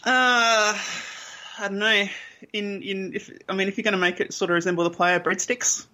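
A man's voice: high voice, steady tone, normal speed, sharp tone. An Australian man co-hosting a casual fan podcast, blunt and opinionated, with frequent ums. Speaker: podcast co-host.

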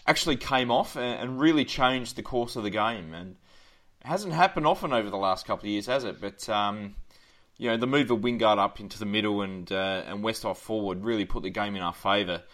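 A man with an Australian accent hosting a casual sports podcast. He is chatty and upbeat and often pauses on fillers. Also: on the low side, fairly bright tone. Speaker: podcast host.

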